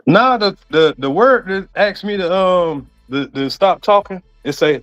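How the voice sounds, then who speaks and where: A man who creates online content argues in a heated, casual way, mocking and sarcastic and often repeating himself. His high-pitched, fairly bright voice is expressive but unhurried. The audio is dull and lo-fi, with faint music behind it.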